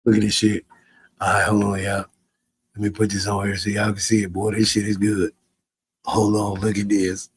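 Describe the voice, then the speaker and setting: A man's voice: on the low side, monotone, moderate pace, breathy edge. A man in a profane livestream rant, cursing heatedly and mocking his critics with bursts of laughter. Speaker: social media streamer.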